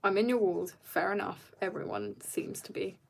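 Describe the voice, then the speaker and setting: A woman's voice: mid-range voice, lively intonation, normal speed, creaky, a little hiss or hum. A woman chatting casually and rambling in jokes while she draws on stream. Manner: rambling and jokey, drifts into soft mutters. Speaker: artist streamer. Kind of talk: casual chat while drawing.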